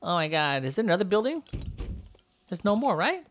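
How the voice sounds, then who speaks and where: A man voicing Bob, a boastful, goofy male strongman who smashes buildings in a video game, with shouty brags and childish jokes. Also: high-pitched, very animated, brisk, a little hiss or hum. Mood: rowdy. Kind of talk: comedic game character voiceover.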